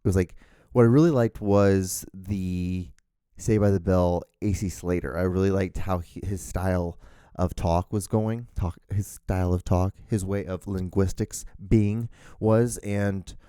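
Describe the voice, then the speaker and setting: A man's voice: low-pitched, fairly even intonation, measured pace, dark tone, smooth, dry recording, clean studio sound. A young man with a California drawl, hosting a podcast alone in a casual, rambling style full of fillers and restarts. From born outside the United States. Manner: rambling, filler-heavy, self-correcting. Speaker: podcast host. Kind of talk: casual solo podcast monologue.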